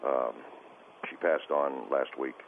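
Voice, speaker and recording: A male caller on a radio show, talking in a halting, stammering and distressed way over the phone. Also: very deep voice, fairly even intonation. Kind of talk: call-in radio conversation. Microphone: telephone. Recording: tinny phone line with faint hiss.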